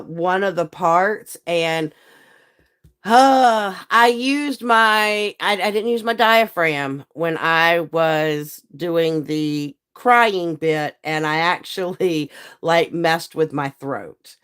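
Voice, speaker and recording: A hoarse, croaky woman, hosting a live stream in folksy, chatty talk and greeting viewers by name. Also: on the low side, a bit bright. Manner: chatty, folksy, laughs often. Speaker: livestream host and seller.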